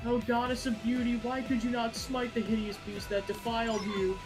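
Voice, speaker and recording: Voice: medium pitch, flat delivery, moderate pace, music in the background, lightly acted, poor audio. A gamer voicing an indignant, hot-headed young man while reading game dialogue aloud. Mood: angry. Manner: whiny and indignant.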